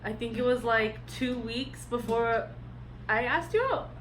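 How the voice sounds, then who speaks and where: A woman's voice: a little high, unhurried, a bit bright, a little hiss or hum. A young woman co-telling a storytime vlog, teasing and playful. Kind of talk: casual storytime chat.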